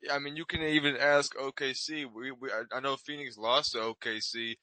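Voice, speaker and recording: Bright-voiced man arguing basketball. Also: medium pitch, steady tone, dry recording, poor audio. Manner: rapid, stumbling restarts when pressed. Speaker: podcast host. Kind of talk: casual sports debate.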